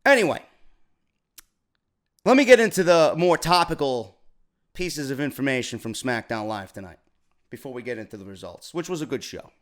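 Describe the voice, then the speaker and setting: A man's voice: medium pitch, animated, moderate pace, long pauses. A man reviewing a wrestling show in a blunt, profane, exasperated rant, often stumbling over repeated words. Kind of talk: ranting solo show review.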